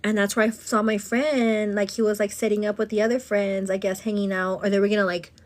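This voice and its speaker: A woman's voice: medium pitch, level tone, brisk. Chatty woman vlogger, rambling girl talk. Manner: slips in Spanish phrases. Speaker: vlogger and host. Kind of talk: casual storytelling while getting ready.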